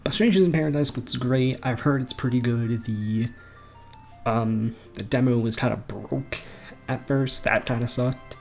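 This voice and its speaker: A young man rambling excitedly about video games in a casual home vlog, laughing often and swearing casually. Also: mid-range voice, measured pace, creaky, soft background music. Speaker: gaming vlogger. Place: bedroom at home.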